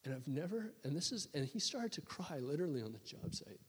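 A man preaching and telling a story to a church, with many restarts and a lively storytelling delivery. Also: a little high, brisk, breathy edge. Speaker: guest preacher. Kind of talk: sermon storytelling. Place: church hall. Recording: long reverb of a church hall.

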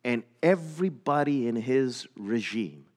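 A man's voice: expressive, measured pace. Earnest male missionary preaching with slides. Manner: earnest, climbs higher and louder when storytelling. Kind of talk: sermon with slides, storytelling.

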